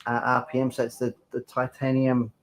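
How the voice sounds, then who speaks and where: A man's voice: mid-range voice, completely flat delivery, brisk, slight background noise. A young man with a playful, enthusiastic manner, presenting hobby products in a casual chat.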